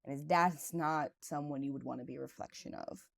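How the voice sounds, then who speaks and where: A woman's voice: extremely low pitch, steady tone, a little fast, gravelly. A woman hosting her own podcast, telling a personal story in a candid, confessional and casual way. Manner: casual and conversational, with frequent "like" and "right". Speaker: podcast host. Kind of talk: personal reflective monologue.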